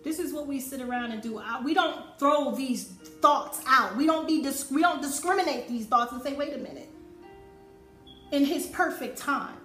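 A woman's voice: high voice, normal speed, fairly bright tone. A woman preaching a sermon, driving points home by repeating phrases with rising force. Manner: emphatic, repeating phrases for effect. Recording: roomy echo with faint music.

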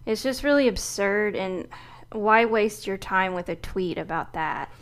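A woman co-hosts a political podcast in a smooth, clear voice. She explains things calmly and matter-of-factly, with a mildly dry edge. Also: mid-range voice, measured pace. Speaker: podcast co-host. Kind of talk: casual political commentary.

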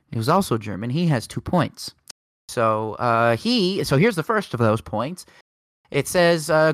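A man's voice: mid-range voice, fairly bright tone, dry recording, clean studio sound. A man co-hosting a casual racing podcast, rambling through the news with joking asides. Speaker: podcast co-host.

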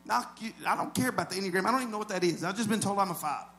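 Speaking very fast, a man preaches as a pastor, chatting with the congregation, dropping into quiet asides and building up to loud shouted peaks.

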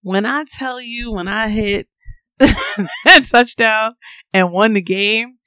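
A woman co-hosting a podcast, telling a story with animated delivery, laughing and acting out quotes. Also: fairly high pitch, takes it slowly, clear, resonant tone, no echo. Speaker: podcast co-host. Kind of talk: casual storytelling chat.

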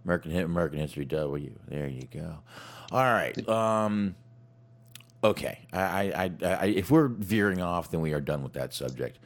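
A man hosting a casual chat, talking in a halting way with frequent restarts and fillers. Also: low-pitched. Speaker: podcast host.

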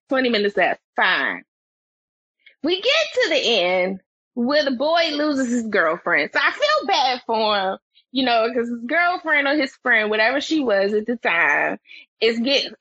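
Animated, husky high-voiced woman storyteller. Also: no echo, lo-fi sound. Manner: expressive, voice climbs higher when excited. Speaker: podcast guest. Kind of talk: animated storytelling in casual chat.

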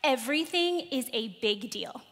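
A high, bright woman's voice preaches to a congregation, swinging between lively storytelling and hushed questions. The sound carries a long reverb from a large hall. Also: a little slow. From United States. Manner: animated storytelling, asks the room questions. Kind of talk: sermon.

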